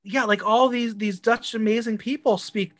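An American woman co-hosts a podcast, recapping a TV episode in blunt, crude, playful casual chat full of exaggerated reactions. Her fairly high voice holds a steady tone at normal speed, with no room sound.

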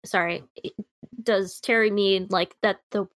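A woman's voice: medium pitch, steady tone, measured pace, a bit bright, no room sound, clean studio sound. A woman playing a tabletop game, chatty and hesitant, full of "like". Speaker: player.

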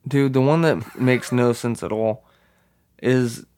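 A young man in casual podcast chat, rambling and swearing in quick bursts. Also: mid-range voice, steady tone, a little mellow, clean tone. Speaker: podcast co-host.

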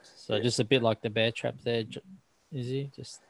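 Man hosting a podcast, relaxed, laughing, close dry recording. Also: medium pitch, normal speed, vocal fry, no room sound. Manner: laid-back, laughs easily, says mate. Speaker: podcast host. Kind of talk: casual podcast interview.

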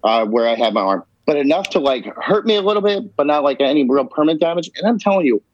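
This man's voice sits on the high side, and he talks fast and animatedly while spinning a loose, emphatic personal yarn for a podcast, with plenty of swearing. The casual storytelling has no room sound, and the podcast audio is dull and lo-fi.

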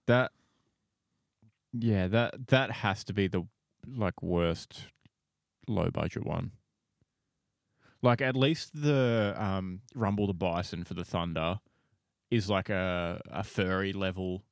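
A man's voice: low voice, slow pace, gravelly, long pauses, no echo, clean studio sound. A man, co-hosting a casual podcast, rambling and laughing often. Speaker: podcast co-host. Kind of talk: casual banter.

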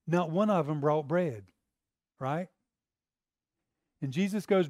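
A man's voice: a little high, a little slow, long pauses, a little mellow, dry recording, clean studio sound. A man preaching a sermon in a conversational way, asking the congregation rhetorical questions.

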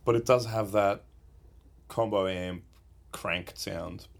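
A man's voice: lowish voice, fairly even intonation, takes it slowly, gravelly. A man co-hosting a casual chat, rambling and joking as he talks. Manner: rambling, chatty, jokey. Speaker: podcast co-host. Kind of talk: casual chat about guitar pedals.

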